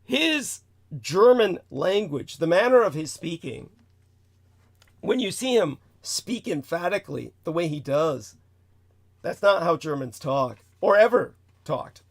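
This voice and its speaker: A man's voice: fairly high pitch, lively intonation, unhurried, gravelly. A man hosting a talk show, delivering a rambling, emphatic lecture full of asides. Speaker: host.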